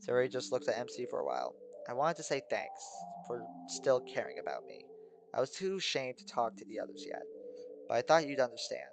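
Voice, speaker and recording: A man voicing an exhausted, despairing teenage girl who talks quietly and haltingly, apologizing as she goes. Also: medium pitch, wildly swooping pitch, creaky, music in the background. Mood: timid.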